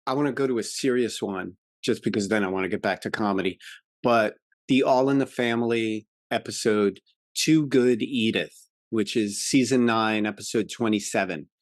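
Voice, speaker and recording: A man co-hosting a podcast, chatting casually about classic television and retelling episodes with animated enthusiasm. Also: on the low side, moderate pace, no echo, studio quality. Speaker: podcast co-host.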